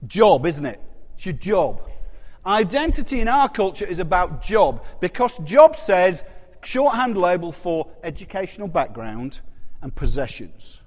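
Casting: male preacher, bright high voice, chatty sermon that quizzes the room, long hall echo. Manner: conversational, asks the congregation questions.

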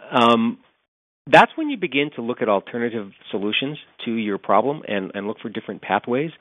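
A man's voice: fairly low pitch, no echo. A middle-aged man answering interview questions thoughtfully, with many fillers and restarts. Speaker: author and guest. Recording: dry phone-like line.

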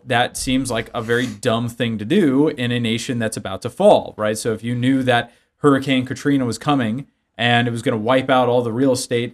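Man teaching scripture with everyday examples. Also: medium pitch. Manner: lively storytelling with everyday examples. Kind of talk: conversational Bible teaching.

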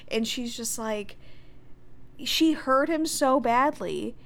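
A woman's voice: fairly high pitch, slow pace, vocal fry. A young woman co-hosting a podcast, animatedly retelling a TV episode in casual chat with frequent giggles. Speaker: podcast co-host.

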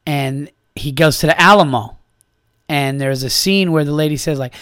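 A man hosting a podcast, telling a rambling, profane comedy story in a casual, animated way. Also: on the high side, normal speed, smooth, dry recording, clean studio sound.

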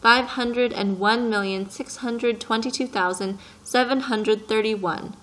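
A woman's voice: a little high, fairly even intonation, measured pace, fairly bright tone, rough recording. A woman reading as a pompous, peevish businessman. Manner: self-important, fussy and precise. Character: pompous middle-aged male businessman, peevish. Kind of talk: audiobook reading.

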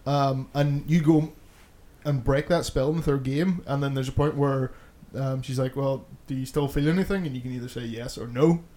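A man's voice: mid-range voice, fairly even intonation, normal speed, warm tone. A man hosting a casual podcast chat, swearing freely and rambling with restarts. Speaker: podcast host.

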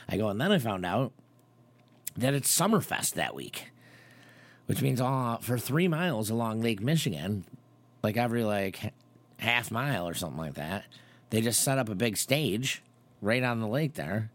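A man in casual chat, telling a rambling story and acting out quoted lines with sudden jumps in pitch. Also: lively intonation, normal speed, long pauses.

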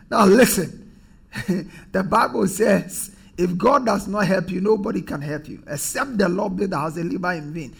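A man's voice: sits high, moderate pace, vocal fry, husky. A man preaching a sermon as pastor, emphatic and repetitive, reading scripture aloud.

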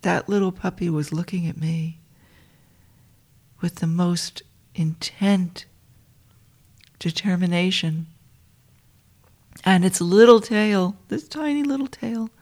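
A woman telling a personal story to listeners she calls dear friends, in a soft, intimate way that often drops to a whisper. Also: on the low side, slow pace, pauses often.

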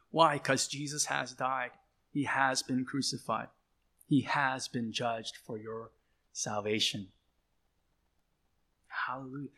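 A man's voice: mid-range voice, a bit bright. A man preaching a sermon as pastor, emphatic and repetitive, driving points home with short repeated calls. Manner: emphatic, repeats phrases, slow deliberate delivery.

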